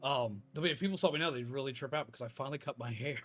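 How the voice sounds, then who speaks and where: A peppy streamer voice, put on by a man, lifted higher and louder than his natural speech for a casual gaming stream. A slightly husky grain still comes through underneath. He chats quickly and brightly. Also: soft background music, lightly acted. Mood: upbeat. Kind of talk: casual chat while gaming.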